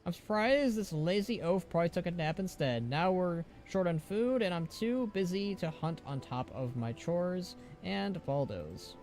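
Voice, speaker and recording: A man's voice: high-pitched, animated, measured pace, hardly any pauses, a little mellow, voice pushed up. An overworked innkeeper pleading for help, read out with mild drama. A man voices it in a near-ordinary tone. Light game music sits behind. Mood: annoyed. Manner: reading quest text aloud, lightly dramatic. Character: busy, harried innkeeper.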